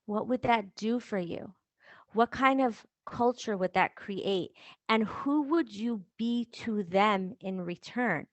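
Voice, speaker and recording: A woman's voice: medium pitch, slow pace, no echo. A woman coach hosting a podcast, talking her listeners through self-compassion in a conversational way full of rhetorical questions. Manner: warm conversational, rhetorical questions, laughs lightly. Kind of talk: motivational talk to listeners.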